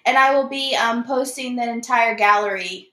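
A woman's voice: fairly high pitch, moderate pace, bright, forceful tone, roomy sound. A woman, the podcast's producer, talking eagerly in casual chat. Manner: upbeat, eager.

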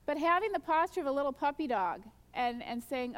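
A woman's voice: high-pitched, sing-song, brisk, fairly bright tone. A woman giving a personal testimony at a church gathering, telling stories earnestly and acting out her own prayers. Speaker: guest speaker at a church gathering. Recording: long church hall reverb.

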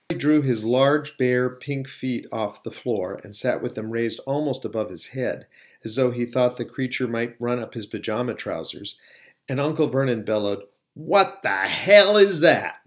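A man narrating a novel aloud at a steady pace, with a few small slips on words. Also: medium pitch. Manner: steady, occasionally slipping on words. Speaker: audiobook reader. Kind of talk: storybook narration.

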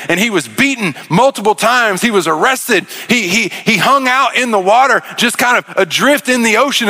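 A man's voice: high voice, pushed and bright. A man preaching a sermon as pastor, impassioned, often repeating words and restarting mid-phrase.

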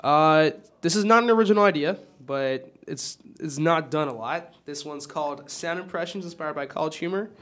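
A man's voice: a little high, moderate pace, hardly any pauses, a bit bright. A young man hosting a casual student podcast, upbeat and playful, often laughing. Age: young adult. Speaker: podcast host.

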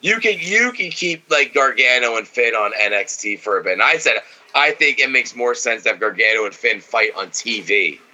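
A man's voice: medium pitch, very animated, normal speed, few pauses, bright, forceful tone, poor audio. A man co-hosting a casual podcast, watching wrestling and giving blunt, opinionated takes full of swearing. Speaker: podcast co-host.

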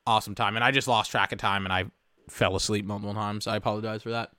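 A young man hosting a casual solo podcast, ranting with exasperation, swearing and bursting into shouts. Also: on the low side, fairly even intonation, fast talker, clean tone, no echo, clean studio sound. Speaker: podcast host.

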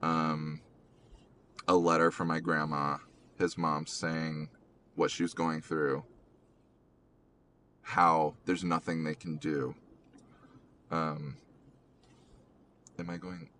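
A young man hosting a casual podcast, talking haltingly with many ums and restarts, in an emotional way, from a car. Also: very deep voice, flat delivery, fairly bright tone, a little hiss or hum. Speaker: podcast host.

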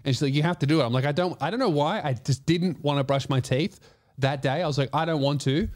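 A man's voice: on the high side, a little fast, a little mellow. A man in his late twenties hosting a podcast, chatting casually and telling rambling jokey stories. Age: late 20s. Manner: joking, rambling storyteller. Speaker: podcast host. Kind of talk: casual chat.

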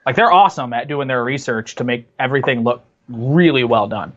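A man's voice: mid-range voice, fairly quick, fairly bright tone, dull audio. A man co-hosting a casual movie discussion, talking enthusiastically and rambling with restarts. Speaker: podcast co-host.

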